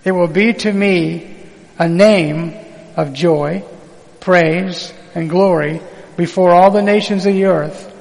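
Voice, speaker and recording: A man's voice: high voice, takes it slowly, vocal fry, darkish tone, big-room sound, rough recording. A man preaching a sermon, reading scripture aloud and drawing call-and-response from the congregation.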